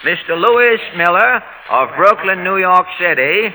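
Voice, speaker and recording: A man with a slightly raised voice trades dry, deadpan quips as the host of a live radio variety show. The old broadcast carries a steady layer of hiss. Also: sits high, moderate pace, rough recording. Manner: dry wisecracking, deadpan joke-telling. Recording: hissy 1930s radio broadcast.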